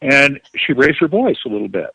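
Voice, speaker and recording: A man, a guest author, telling a story in an interview with animated delivery, acting out quotes. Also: mid-range voice, brisk, gravelly, breathy edge, dry recording, low-quality recording.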